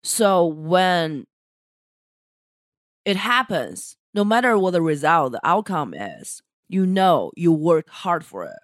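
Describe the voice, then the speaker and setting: A woman's voice: lowish voice, big pitch swings, takes it slowly, no room sound, clean studio sound. A woman comedian co-hosting a casual podcast chat, talking earnestly with frequent restarts. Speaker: stand-up comedian and co-host.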